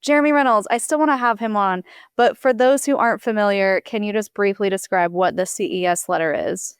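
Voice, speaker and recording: A young woman hosting a casual interview, telling stories in an animated, joking way. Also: medium pitch, fairly quick, smooth, no room sound, clean studio sound. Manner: animated, jokey storytelling. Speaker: podcast host.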